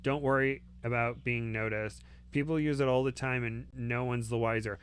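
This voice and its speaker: A man's voice: medium pitch, fairly even intonation, moderate pace, clean tone, close to an everyday voice. A man voicing Carl, a grown male wizard with a Brooklyn accent who talks dry and offhand. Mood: explaining. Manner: dry, offhand and matter-of-fact.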